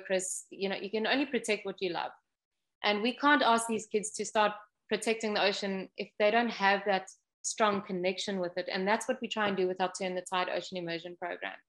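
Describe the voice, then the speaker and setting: Woman guest, earnest, explanatory, mid-pitched voice, lists points one by one. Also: a bit bright. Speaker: ocean education program guest.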